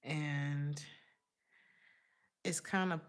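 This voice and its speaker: A woman's voice: low-pitched, steady tone, extremely slow. A woman giving a live-streamed tarot reading in a casual, chatty way, calling the viewer honey. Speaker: tarot reader.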